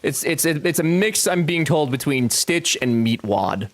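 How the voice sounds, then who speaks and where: Man, game streamer at home, profane and joking, lively pitch, unhurried. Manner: joking and profane, talks back to chat. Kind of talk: casual live-stream chat.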